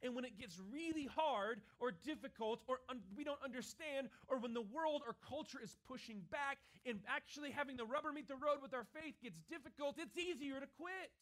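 High-voiced man preaching casually. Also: a little fast, few pauses. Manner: conversational preaching with frequent "right?" asides; drops to a quiet, low, intense voice for key points. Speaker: pastor. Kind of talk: sermon.

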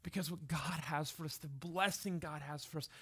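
Male pastor, 30s, sermon; quiet storytelling that swells into emphatic preaching, tenor register. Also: fairly high pitch, steady tone, moderate pace, breathy edge.

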